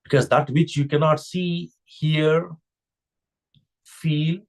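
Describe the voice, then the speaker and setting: A man's voice: a little high, fairly even intonation, slow pace. Man giving a reflective spiritual talk. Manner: reflective, asks rhetorical questions. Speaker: spiritual teacher. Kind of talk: spiritual discourse.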